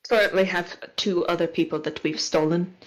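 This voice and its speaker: A woman who plays a tabletop game and talks in a quick, exclaiming, joking way. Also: on the low side, fairly even intonation, poor audio. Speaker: player. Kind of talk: casual tabletop play.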